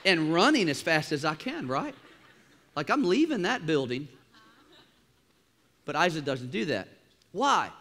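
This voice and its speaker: A man preaching a sermon in a church, animated, with sudden loud bursts and quieter asides. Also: fairly high pitch, a little slow, pauses often. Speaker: pastor. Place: church auditorium.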